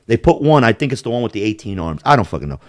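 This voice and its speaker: A male podcast host in crude, casual chat. His pitch swings a lot as he tells animated stories, full of swearing and frequent laughter. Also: racing, no room sound, clean studio sound.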